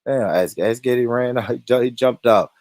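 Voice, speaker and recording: Gravelly man recapping casually. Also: medium pitch, normal speed, a little mellow, no echo.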